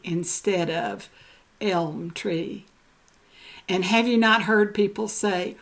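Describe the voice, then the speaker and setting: An older woman presenting genealogy notes, reading slowly and carefully, spelling out words letter by letter. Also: medium pitch.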